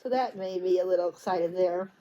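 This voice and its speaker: A woman's voice: lowish voice, brisk, dark tone, muffled recording. Chatty woman rambling about a book. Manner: rambling, many fillers and restarts, stumbles over words. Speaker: book vlogger. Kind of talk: casual chat.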